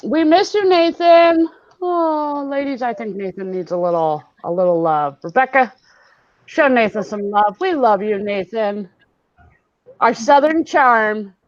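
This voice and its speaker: A bubbly, somewhat high-voiced woman hosts a live online hangout, chatting and laughing as she reads out viewer comments. Her voice is dry and close but comes through dull, lo-fi video call audio. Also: expressive, measured pace, no echo. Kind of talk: casual live-stream chat.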